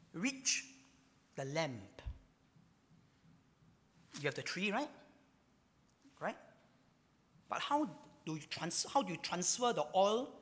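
A man's voice: sits high, long reverb tail. A man preaching a sermon, asking rhetorical questions and telling stories with many fillers. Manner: animated storytelling, rhetorical questions, frequent fillers.

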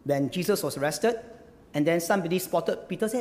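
A male pastor delivers a sermon with emphasis, repeating phrases and pressing the congregation with questions. His expressive, somewhat dark voice sits high, swings widely in pitch and moves a little fast. A church hall's long reverb rings around him.

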